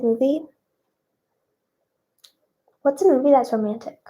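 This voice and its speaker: A woman's voice: sits high, normal speed, pauses often, dark tone. A young woman singer answering fan questions in casual chat, bubbly and self-conscious, with many fillers.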